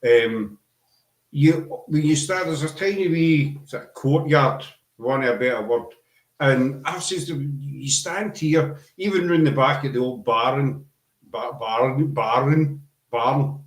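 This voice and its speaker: A man's voice: mid-range voice, a little slow. A man with a Scottish accent hosting a casual podcast chat, rambling and self-deprecating, often restarting his sentences. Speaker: podcast host. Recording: echoey room.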